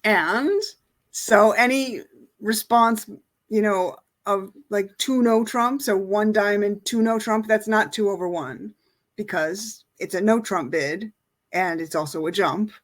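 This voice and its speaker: A woman's voice: mid-range voice, slow. A middle-aged woman teaching an online lesson, explaining in a casual way with many fillers. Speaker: bridge teacher.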